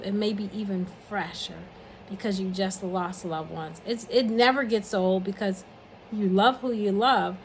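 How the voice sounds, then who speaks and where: Older woman, mid pitch, earnest encouraging talk that counts off numbered points, faint hiss behind. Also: low-quality recording. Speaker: speaker giving a message of encouragement. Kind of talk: heartfelt spoken message.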